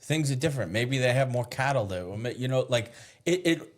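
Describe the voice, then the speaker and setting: A man's voice: medium pitch, animated, brisk. A man, a chef guest in a casual interview, explaining things as he thinks aloud, with small restarts along the way.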